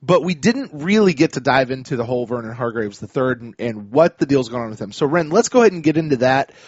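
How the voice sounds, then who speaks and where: A man's voice: mid-range voice, lively intonation, fast talker, darkish tone, no echo, muffled recording. A man hosting a casual sports podcast, chatty and full of restarts. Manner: chatty, many restarts and fillers. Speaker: podcast host.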